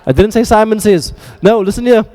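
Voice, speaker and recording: A man teaching an Arabic grammar class, quizzing his students with quick drills and joking asides. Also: high-pitched, dark tone, long reverb tail, soft background music.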